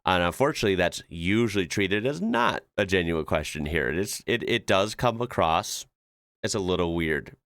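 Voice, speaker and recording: Dude reacting to clips, laid back, chuckles a lot, super dry close mic. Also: male voice, sits low, lively intonation, moderate pace, fairly bright tone, no echo. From United States. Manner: laid-back, chuckles often, explains with many fillers. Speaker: reaction video host. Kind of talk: casual reaction commentary.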